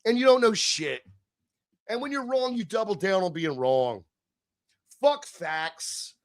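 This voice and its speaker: A man's voice: sits high, big pitch swings, moderate pace, dry recording, clean studio sound. Ranting, cussing man on a stream. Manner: heated, swearing, swings between mutters and shouts. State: tipsy from beer. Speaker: livestream host. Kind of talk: profane live-stream rant.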